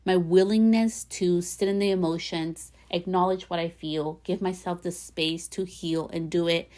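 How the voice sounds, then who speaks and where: A woman hosting her own podcast, talking earnestly and encouragingly straight to the listener, repeating gentle affirmations. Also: fairly low pitch. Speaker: podcast host. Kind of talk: heartfelt solo podcast talk.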